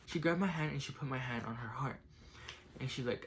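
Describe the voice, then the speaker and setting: A man's voice: mid-range voice, a little fast, a little hiss or hum. Emotional young man telling a storytime. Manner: casual, fills speech with "like" and "right?"; gets emotional and tearful while telling the story. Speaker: vlogger.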